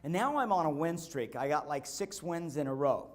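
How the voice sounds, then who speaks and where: Keynote speaker, man, higher-pitched, lively storyteller who repeats lines for effect and acts out quotes. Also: moderate pace. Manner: animated storytelling, repeating key phrases; acts out quotes, bursting into shouts. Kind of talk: motivational conference speech with personal stories. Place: conference stage.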